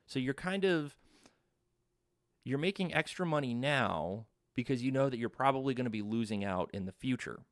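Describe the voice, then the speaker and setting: A man's voice: medium pitch, no echo, studio quality. A man in his thirties giving a casual economics lecture, informal and chatty, full of asides and the odd swear word.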